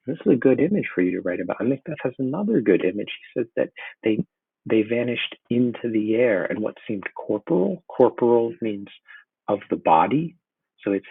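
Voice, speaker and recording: A man's voice: fairly low pitch, vocal fry, breathy edge, no room sound. A man explaining a play in a casual, eager way, reading lines aloud and breaking them down. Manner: casual, enthusiastic explaining with filler words. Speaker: teacher. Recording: tinny phone-like sound.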